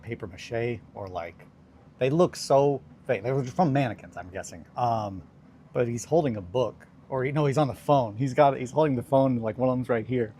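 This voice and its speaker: A man's voice: medium pitch, dark tone, slight background noise. A man hosting a casual hobby livestream, chatting in a rambling, self-deprecating way and laughing often while he works. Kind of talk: casual chat while crafting.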